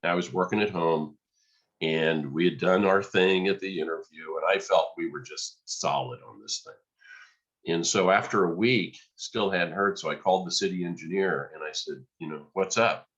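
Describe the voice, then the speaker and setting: Man, podcast guest, very low voice, animated storytelling, dull lo-fi audio. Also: normal speed. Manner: animated storyteller, acts out quoted dialogue. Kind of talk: storytelling in conversation.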